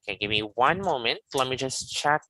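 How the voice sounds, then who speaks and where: A man teaching English pronunciation in a live online class, patiently repeating phrases slowly for his student. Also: medium pitch, lively intonation, sharp tone, no echo, low-quality recording.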